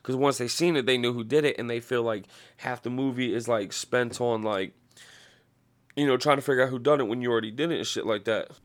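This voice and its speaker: A man in his thirties hosting a podcast, ranting casually and profanely, rambling with restarts and animated outbursts. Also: mid-range voice, fairly quick. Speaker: podcast host.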